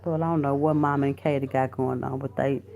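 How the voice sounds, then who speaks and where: Over a noisy background, a woman with a very deep, steady voice and vocal fry talks briskly on her casual live stream, using a phone or computer mic. She reads comments, names her viewers, curses bluntly, and calls them honey and baby.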